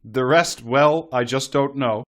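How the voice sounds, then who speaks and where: A man's voice: medium pitch, measured pace. A man co-hosting a casual political comedy podcast, reading quotes aloud and laughing often. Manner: animated, laughing often, swearing. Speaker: podcast co-host.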